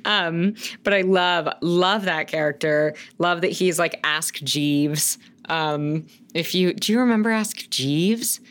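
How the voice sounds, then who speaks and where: A woman with a strikingly low, deep-set voice chats casually as a podcast co-host. She is in her thirties, rambles from thought to thought, and gushes with plenty of casual swearing. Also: slow pace, hardly any pauses. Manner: gushing, rambling, swears freely. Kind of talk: casual chat.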